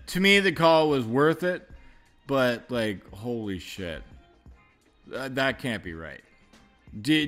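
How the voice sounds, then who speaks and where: Guy on a livestream chatting slow, swearing, laughing, lil music in the background. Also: lowish voice, a bit bright. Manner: profane, rambling, quick to laugh. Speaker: livestream host. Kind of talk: casual livestream chat.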